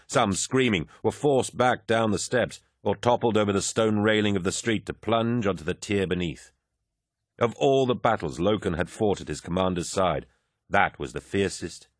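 Deep-voiced male audiobook narrator. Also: no echo, clean studio sound.

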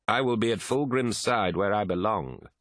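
A man voicing an ambitious, scheming male warrior who speaks in a smooth, persuasive way, in an audiobook reading. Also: fairly low pitch, moderate pace, a bit bright, no echo, studio quality, voice pushed up, lightly acted. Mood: bitter ambitious.

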